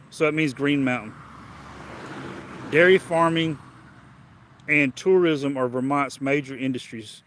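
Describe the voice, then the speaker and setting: A relaxed man hosting a casual livestream. He chats in an easygoing, unhurried way, greets his viewers by name and reads aloud at a steady pace. His voice sits at an ordinary middle pitch. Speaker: live stream host. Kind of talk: casual livestream chat with devotional reading.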